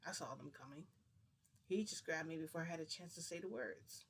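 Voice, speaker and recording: A man's voice: on the high side, a little fast, fairly bright tone, a little hiss or hum. A man casually retelling a personal story to the camera, rambling and acting out dialogue with "I'm like" and "he goes". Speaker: vlogger.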